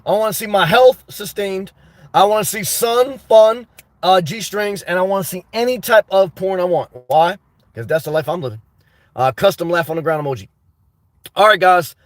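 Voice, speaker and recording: Reading his chat on a livestream, a high-pitched man rambles bluntly and crudely, restarting his thoughts often. The casual talk is recorded without any room sound.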